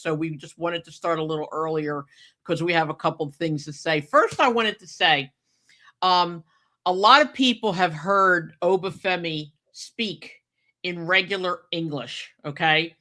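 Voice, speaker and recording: A woman's voice: lowish voice, normal speed, sharp tone. A woman hosting a podcast in casual chat, emphatic and talkative, often tagging her points with "okay?". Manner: emphatic, chatty, keeps adding "okay?". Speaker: podcast host.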